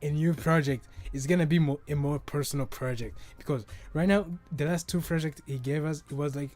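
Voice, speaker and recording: A man's voice: on the high side, fairly quick, a little mellow, faint music behind. Rambling, profane man from Africa. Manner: rambling and profane, with frequent stumbles and restarts. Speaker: podcast host. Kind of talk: casual solo podcast chat.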